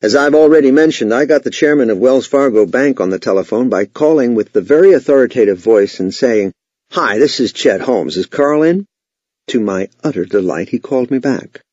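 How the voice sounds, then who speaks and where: A man's voice: medium pitch, fairly quick, few pauses, dark tone, dry recording. A man teaching sales techniques in scripted instructional narration, with an emphatic, authoritative delivery. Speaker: sales trainer. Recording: dull, lo-fi, dry voice-over.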